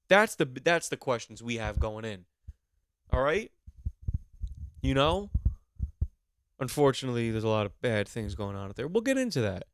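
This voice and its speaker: A man's voice: a little high, expressive, normal speed, a bit bright, clean tone, no room sound, clean studio sound. A young man hosting a podcast, riffing in a rambling, profane, comedic monologue full of fillers. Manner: rambling, profane, lots of fillers and mock voices. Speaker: podcast host.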